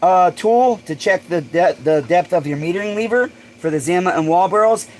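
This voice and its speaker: A man hosting a casual livestream, excitable and swearing freely, bursting into shouts. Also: high voice, moderate pace, slight background noise, low-quality recording. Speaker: livestream host.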